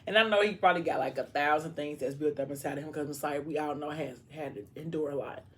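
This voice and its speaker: A woman's voice: deep voice, fast talker. A young woman reading a book aloud and recapping it in a casual, chatty way with asides. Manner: conversational, with many fillers and asides. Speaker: book reader.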